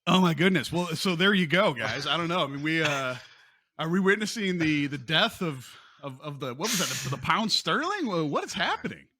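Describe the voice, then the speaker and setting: A man hosting a casual podcast who talks in a lively, joking way with frequent restarts. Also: fairly high pitch, a little fast, a little hiss or hum. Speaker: podcast host.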